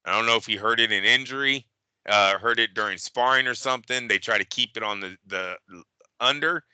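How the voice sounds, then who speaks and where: A man co-hosting a casual boxing talk show, animated and profane, acting out fight-night scenes. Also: on the low side, fairly quick, smooth, no room sound.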